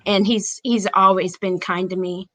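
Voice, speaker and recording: Caller, woman, soft-spoken and hesitant. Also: medium pitch, fairly even intonation, normal speed. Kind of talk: call-in conversation.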